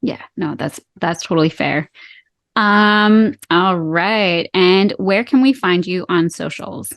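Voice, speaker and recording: A woman's voice: on the low side, takes it slowly, a bit bright, no room sound. A woman in her thirties from Canada hosting a casual podcast interview, chatty and encouraging, laughing easily. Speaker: podcast host.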